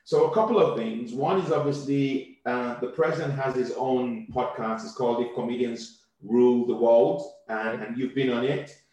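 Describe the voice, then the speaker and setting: A man from Nigeria, a comedian speaking as a guest in a casual interview, quick and animated, often repeating words as he thinks. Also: mid-range voice. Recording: very echoey room.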